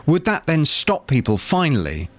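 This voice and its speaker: A man's voice: on the high side, huge pitch swings, moderate pace, no echo. Male phone-in host, persuasive, dry close mic. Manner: earnest, persuasive, emphatic. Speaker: phone-in presenter. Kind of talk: radio trail and chat. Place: radio studio.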